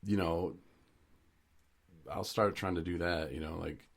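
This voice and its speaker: A podcast co-host with a deep, gravelly voice speaks in a steady tone and a little slowly. He chats casually, rambling through stories and chuckling often.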